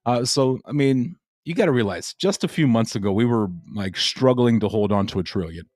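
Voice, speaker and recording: A man's voice: mid-range voice, expressive, normal speed, a little mellow, no room sound. A man hosting a crypto livestream, chatting casually and rambling with lots of fillers and repeated phrases.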